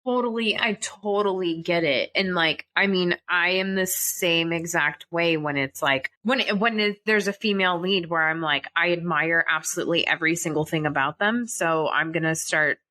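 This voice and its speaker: A woman's voice: on the low side, normal speed, hardly any pauses, pushed and bright. A woman in her thirties hosting a podcast, chatty and enthusiastic, swearing casually as she tells stories. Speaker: podcast host. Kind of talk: casual chat.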